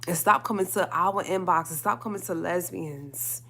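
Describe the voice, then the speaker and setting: Woman going off on a livestream, lowish voice, keeps repeating herself for emphasis, slangy. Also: brisk, few pauses, fairly bright tone, slightly rough. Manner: emphatic, repeating lines for stress, with slangy asides. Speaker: livestream host. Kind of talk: heated solo livestream rant.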